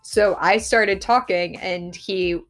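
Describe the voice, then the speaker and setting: A woman with a Philadelphia accent co-hosting a podcast, telling stories quickly in casual chat. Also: mid-range voice, faint music behind. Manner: fast, chatty storyteller. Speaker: podcast co-host.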